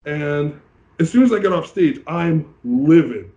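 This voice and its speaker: Lively higher-voiced man retelling a contest. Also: moderate pace, highs cut off, a little hiss or hum. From Canada. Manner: animated storytelling, acting out quoted exchanges. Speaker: bodybuilding competitor. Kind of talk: casual interview.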